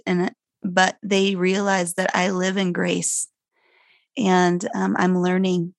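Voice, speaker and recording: A woman's voice: mid-range voice, flat delivery, slow, gravelly, pauses often, no room sound, studio quality. A middle-aged woman speaking candidly and animatedly as she tells a personal parenting story, her voice climbing sharply when she gets worked up. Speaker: guest, foster mother.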